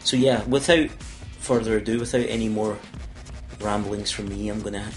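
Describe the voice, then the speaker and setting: A Scottish man hosts a podcast in casual conversation, rambling and wandering off on tangents. His lowish voice has little pitch movement and a moderate pace, recorded in an echoey room with soft background music.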